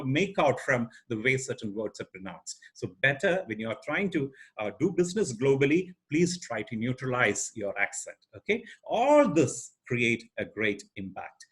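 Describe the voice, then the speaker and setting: A man's voice: medium pitch, a bit bright, husky. A middle-aged man giving an online training lecture as a corporate trainer, emphatic and asking the audience rhetorical questions.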